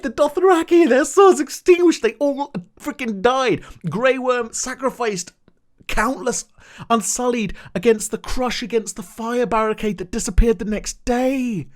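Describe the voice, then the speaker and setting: An exasperated TV reviewer tears into a show with a sarcastic, swear-laden rant. The voice sits in the middle register but leaps high in outbursts, then drops to low grumbling mutters. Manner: swings between loud outbursts and muttering. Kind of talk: ranting recap commentary.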